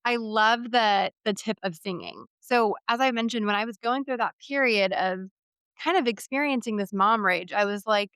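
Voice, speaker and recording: A woman in her thirties hosts a podcast in a casual interview chat, her voice on the high side, smooth, and a bit bright at normal speed. She talks candidly and conversationally with lots of fillers, in a dry recording.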